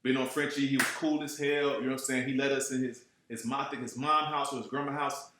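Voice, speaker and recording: A man from Chicago telling a road-trip story in a casual, animated way, cursing freely, full of slang and asides. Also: medium pitch, quick pace, noisy background. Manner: animated, profane, streetwise slang, keeps asking "you know what I'm saying". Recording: very echoey room.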